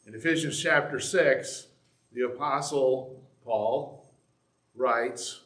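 Pastor, male, mid-pitched, earnest conversational preaching, roomy church sound. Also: takes it slowly, fairly bright tone. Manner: conversational, earnest Bible teaching with asides to an online audience. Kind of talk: sermon.

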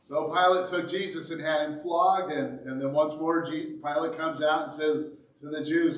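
A man preaching a sermon as pastor, dramatic and animated, reading scripture aloud and acting out the quoted lines. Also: a little high, normal speed. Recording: roomy sound, mic at a distance.

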